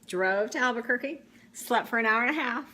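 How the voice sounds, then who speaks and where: A middle-aged woman guest telling her story in a casual chat, excited and animated. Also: a little high, fairly quick.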